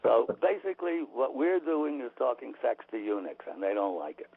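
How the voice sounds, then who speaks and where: A man's voice: mid-range voice, big pitch swings, normal speed, creaky, husky. A man being interviewed on the radio, talking emphatically and opinionatedly with frequent restarts, heard over a tinny phone line. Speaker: author and guest.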